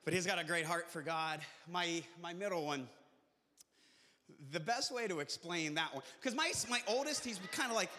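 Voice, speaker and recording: Male stand-up comedian, high bright voice, punchy crowd work, echoey hall. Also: moderate pace.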